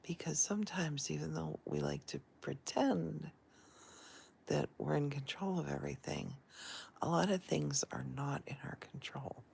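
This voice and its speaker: A just-woken woman whispers a gentle guided meditation from bed, slow and unhurried. Her low voice is heavily gravelly and croaky, picked up close by a handheld phone. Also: very animated, slight background noise. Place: in bed, indoors. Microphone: handheld phone camera.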